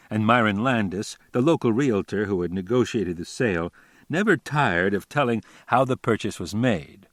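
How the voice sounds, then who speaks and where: A man reading a novel aloud in calm, measured narration. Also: on the low side, dry recording, clean studio sound. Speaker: audiobook narrator. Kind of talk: scripted narration.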